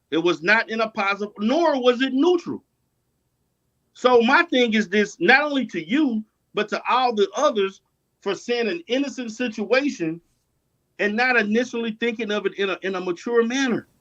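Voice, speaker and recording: A man hosting a heated panel debate, cutting in with repeated words, then asking his question slowly and deliberately. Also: sits high, fairly bright tone. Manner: insistent, repeats words when interrupting, then slow and deliberate. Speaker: channel host. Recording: dull lo-fi audio.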